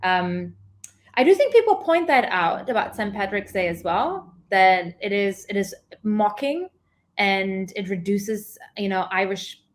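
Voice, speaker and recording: A woman's voice: medium pitch, expressive. Thoughtful woman academic guest. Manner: thoughtful, measured, many "um"s. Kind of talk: conversational interview.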